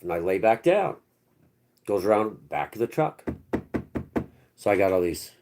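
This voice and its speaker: A man's voice: lowish voice, darkish tone, a little hiss or hum. A man hosting his own channel, telling a first-person story in a rambling, slangy way with restarts and swearing. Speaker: channel host.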